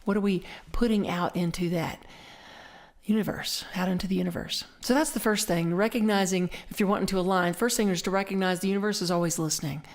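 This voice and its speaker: A middle-aged woman with a Southern accent gives a conversational sermon, reflective, slowing down and repeating key phrases for emphasis. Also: on the low side, fairly even intonation. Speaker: minister.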